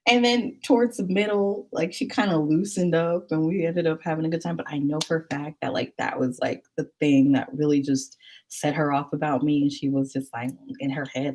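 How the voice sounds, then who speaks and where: Lively storytelling woman, husky voice. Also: sits low, fairly quick. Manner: animated, acts out quoted people, laughs often. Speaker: vlogger. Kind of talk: casual storytime chat.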